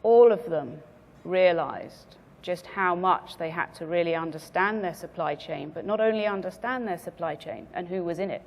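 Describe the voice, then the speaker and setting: A woman speaker giving a measured business presentation to a conference audience, stressing her key words. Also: fairly low pitch, vocal fry, long reverb tail. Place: conference venue.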